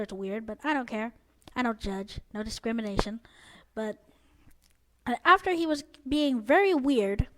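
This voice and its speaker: With a bright, high voice, a teen girl rambles through a casual tale from her school days, using plenty of fillers. She sounds openly fed up as she tells it.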